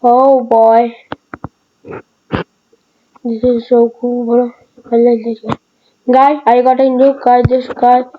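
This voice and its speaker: A woman giving casual, rambling gameplay commentary in short excited bursts. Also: on the high side, a little slow, phone-quality sound. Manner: excitable, rambling, broken phrasing. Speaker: gaming video creator.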